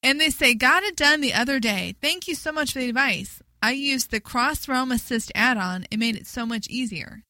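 Chatty woman with a bright voice. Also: high voice, expressive, moderate pace, hardly any pauses, no room sound. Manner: chatty, laughs often. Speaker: podcast co-host. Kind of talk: casual chat about gaming.

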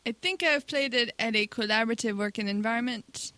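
A woman's voice: on the high side, brisk, pushed and bright, no echo. A woman co-hosting a podcast, answering questions in casual, good-humored, self-deprecating chat. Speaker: podcast co-host.

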